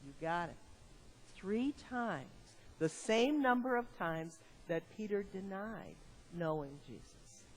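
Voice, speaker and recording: A woman's voice: medium pitch, takes it slowly, a little hiss or hum. A woman preaching a conversational sermon, asking the congregation questions. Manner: lively, conversational, asks the audience questions.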